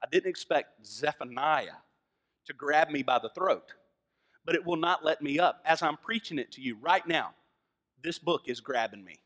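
A man with a Southern American accent preaching a sermon, moving from hushed lines to loud, fervent emphasis. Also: medium pitch. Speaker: pastor.

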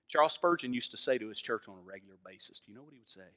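A man with a Southern American accent preaching a sermon, moving from hushed lines to loud, fervent emphasis. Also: mid-range voice, lively intonation, rapid-fire, few pauses. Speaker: pastor.

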